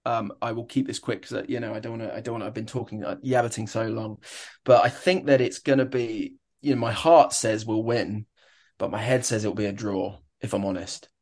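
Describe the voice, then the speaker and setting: A man's voice: on the low side, fairly even intonation, fairly quick, a little mellow. A young adult man, a stadium announcer, chatting in an interview and telling stories with enthusiasm and many restarts. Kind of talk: casual interview chat.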